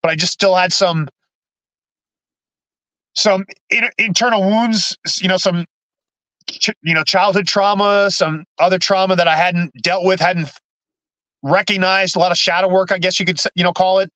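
A man, a podcast guest, telling his own story candidly in halting speech full of restarts and repeated words. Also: high voice, steady tone, fairly bright tone, dry recording, rough recording.

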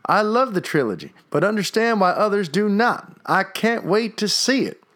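A man's voice: high-pitched, big pitch swings, moderate pace, a bit bright, pitched above the performer's own voice. A man voicing a Southern male listener who reads out his letter, in a generic put-on Southern US accent. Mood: upbeat. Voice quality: unsure, generic drawl attempt.

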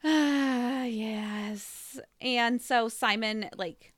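A woman's voice: a little high, very slow, no echo, studio quality. A woman co-hosting a podcast, casually recapping a story and acting out the characters' lines with giggly energy. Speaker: podcast co-host.

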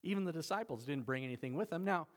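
A man preaching a sermon as pastor, animated and conversational, often laughing. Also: on the high side, quick pace.

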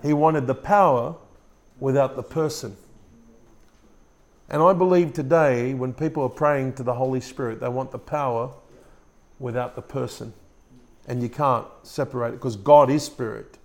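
Gravelly, preaching male pastor. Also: medium pitch, fairly quick, hardly any pauses. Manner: repeats words and restarts, asks the congregation questions. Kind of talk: sermon. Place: church room with a congregation.

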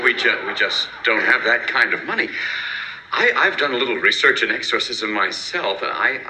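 A man's voice: medium pitch, moderate pace. An actor playing a fussy, superstitious middle-aged man who stammers and frets in a sitcom. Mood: hesitant. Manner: stammering, fretful, excitable. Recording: distant echoey sitcom audio with hiss.

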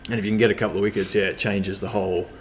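A man, a club cricketer talking casually in an interview, relaxed and rambling with lots of fillers. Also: lowish voice, rapid-fire, slight background noise.

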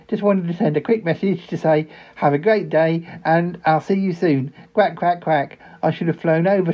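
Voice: medium pitch, lo-fi sound, close to an everyday voice. Someone doing a quacking, cheerful talking duck. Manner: quacks between sentences, chatty.

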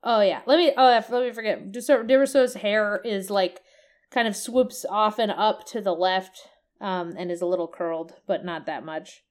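A woman's voice: medium pitch, steady tone, moderate pace. Rambling, chatty woman. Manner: rambling, searches for words, swears casually. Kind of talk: casual chat about a video game.

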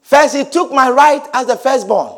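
A man voicing a desperate, bitter grown son who pleads with his father in loud, drawn-out cries. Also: very high voice.

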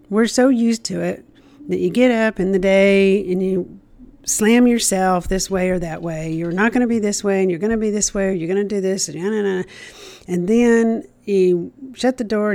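Woman teacher, casual faith talk, lowish warm voice, acts out quotes. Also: gravelly. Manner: conversational, repeats herself, acts out the inner voice. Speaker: Christian speaker.

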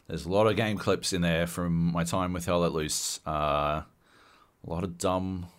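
A man's voice: low-pitched, unhurried. A man co-hosting a casual podcast, ranting loosely and swearing a lot. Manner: profane, animated ranting. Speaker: podcast co-host.

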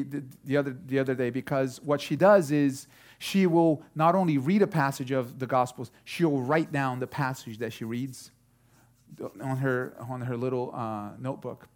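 Man, thirties, pastor, sermon, animated storytelling, fillers and restarts, mid-pitched voice.

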